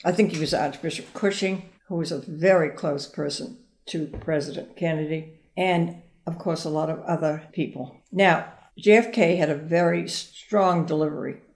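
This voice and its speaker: A woman's voice: deep voice, normal speed, darkish tone. An older woman, a guest in an interview, telling rambling anecdotes from her past. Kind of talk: reminiscing conversation.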